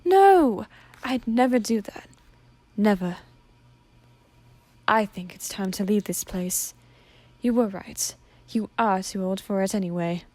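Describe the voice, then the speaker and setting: Soft demon prince father played by a woman, halting, sorry, dry close sound. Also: medium pitch, no echo, close to an everyday voice. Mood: apologetic. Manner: halting, stammering apologies. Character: gentle demon prince father, apologetic and fumbling.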